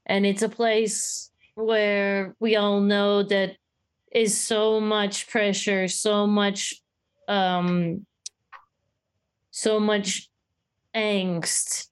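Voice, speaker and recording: A woman co-hosting a podcast in casual chat, animated and acting out quoted voices as she talks. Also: medium pitch, extremely slow, clear, resonant tone. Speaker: podcast co-host.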